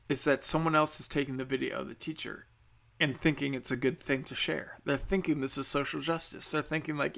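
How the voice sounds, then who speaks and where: A man with a gravelly, fry-tinged voice holds forth as host of his own show. He rants with anger and heavy profanity. He often slips into sarcastic imitations of the people he is mocking. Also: medium pitch, steady tone, a little fast, a bit bright. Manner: mocks others in put-on voices. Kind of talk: ranting political commentary.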